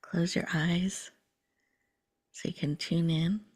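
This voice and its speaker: Soft-spoken woman guiding a meditation. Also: lowish voice, fairly even intonation, husky. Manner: slow, soothing, drops to whispers. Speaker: host. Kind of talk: guided breathing meditation.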